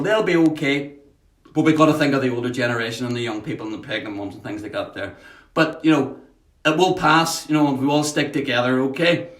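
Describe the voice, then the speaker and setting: Poet, chatty livestream host, slightly high voice, echoey room, off-mic. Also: male voice. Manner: chatty, greets viewers by name, halting with many fillers. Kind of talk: casual live-stream chat and poetry reading. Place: at home, in a house.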